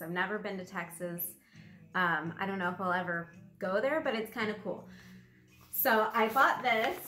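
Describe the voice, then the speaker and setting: A woman's voice: medium pitch, pushed and bright. A middle-aged woman chatting casually as she opens a pack, rambling and easily amused. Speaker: vlogger. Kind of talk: casual chat while unboxing. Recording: roomy echo, faint music behind.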